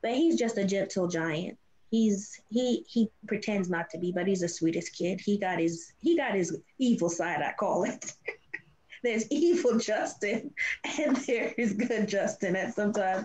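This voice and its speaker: A middle-aged woman, a foster parent, telling her family story in a casual interview, animated and laughing often. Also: mid-range voice. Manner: animated, laughs often, acts out quoted voices. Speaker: foster and adoptive parent guest. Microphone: video call. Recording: dull lo-fi livestream audio.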